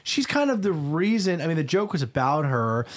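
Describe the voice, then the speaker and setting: Chatty man with a lively, varied voice. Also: on the high side, normal speed. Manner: chatty, hedging, lots of "like". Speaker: podcast co-host. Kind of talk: casual chat. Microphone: studio microphone.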